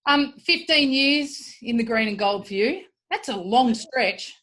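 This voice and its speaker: A woman hosting a podcast interview, chatty and relaxed, with plenty of fillers. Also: a little high, a little slow. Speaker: podcast host. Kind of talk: conversational interview.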